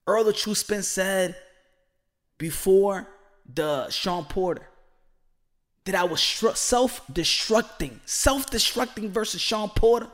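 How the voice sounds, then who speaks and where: Emphatic high-voiced male boxing commentator. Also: slow, fairly bright tone. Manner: emphatic and repetitive, pleading directly to a fighter.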